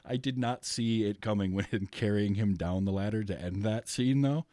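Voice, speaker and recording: A man with a fairly low voice hosts a relaxed film podcast. He rambles through his thoughts with frequent fillers and restarts. The sound is dry and close. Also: moderate pace, no room sound. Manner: chatty, many fillers and restarts. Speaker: podcast host. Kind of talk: casual film discussion.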